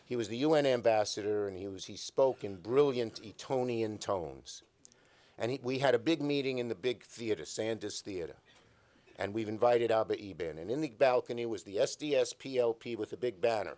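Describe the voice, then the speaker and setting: A man's voice: on the low side, moderate pace, a little mellow. An older man, an elected official, giving an emphatic speech at a breakfast event, telling stories and stacking up repeated phrases at a podium microphone.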